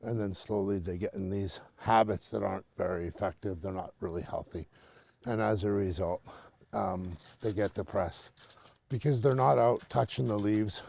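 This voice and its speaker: A man's voice: fairly low pitch, vocal fry, darkish tone. A middle-aged man from Canada vlogging casually while walking outdoors on a snowy street, chatting and laughing easily. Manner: chatty, laughs often, greets neighbors and dogs. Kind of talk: casual walking vlog monologue.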